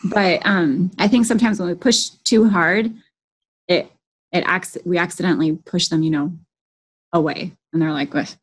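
Woman podcast host, husky lowish voice, chatty, lots of fillers. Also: steady tone, normal speed. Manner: chatty, filler-heavy storytelling. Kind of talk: casual podcast conversation.

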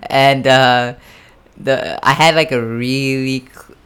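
A man's voice: mid-range voice, steady tone, takes it slowly, fairly bright tone, smooth. A young man from Japan telling a rambling party story in casual chat, packed with "like" and "right?" and the odd curse. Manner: rambling, filler-heavy, sprinkled with swearing.

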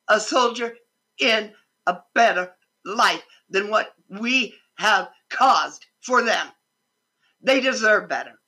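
An older American woman giving an impassioned, indignant political rant, swearing for emphasis, with a husky voice. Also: medium pitch, takes it slowly, bright, forceful tone. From United States. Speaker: vlogger.

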